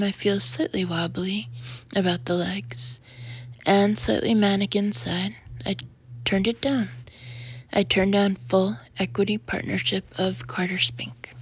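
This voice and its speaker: Husky woman narrating an audiobook. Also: mid-range voice. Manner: lively, expressive, emphatic in dialogue. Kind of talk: first-person audiobook narration. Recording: dull, muffled audio.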